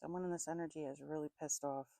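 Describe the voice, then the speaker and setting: Low-voiced woman giving a psychic reading. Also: fairly even intonation, fast talker, creaky, mellow, dry recording, low-quality recording. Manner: musing, spells out names, trails off, self-corrects. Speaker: psychic reader. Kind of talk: intuitive reading monologue.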